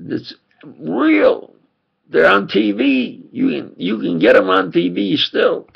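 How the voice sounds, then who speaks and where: In a dull, lo-fi recording, an older preacher with a thick New York accent rambles on emphatically and insistently. His voice is high, animated, heavily gravelly and husky, and he speaks at a slow, deliberate pace.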